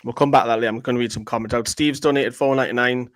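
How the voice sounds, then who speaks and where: Chatty, rambling male co-host reading viewer comments, dry close sound, mid pitch. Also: steady tone, no echo, low-quality recording. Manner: chatty, rambling, quick to joke. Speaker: fan channel co-host.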